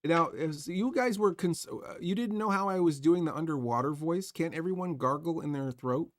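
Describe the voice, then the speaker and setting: A man's voice: a little high, moderate pace, no room sound, studio quality, pitched above the performer's own voice, natural voice. A man doing a gargling underwater zombie voice. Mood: gargling playful. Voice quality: gargly throat-vibrating voice. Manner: loud, throaty, playful.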